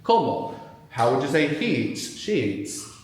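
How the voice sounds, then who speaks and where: A man leading a live workshop, prompting the audience with questions and explaining in quick bursts. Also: mid-range voice, sing-song, slight background noise. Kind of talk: live classroom teaching. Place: large room with a live audience. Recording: very echoey room.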